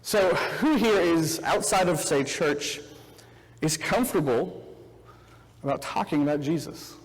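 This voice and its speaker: A man's voice: fairly high pitch, animated, measured pace. A man in his thirties giving a casual, chatty sermon, retelling a film scene with acted-out quotes before turning to scripture. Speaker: preacher. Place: church hall. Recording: reverberant church hall.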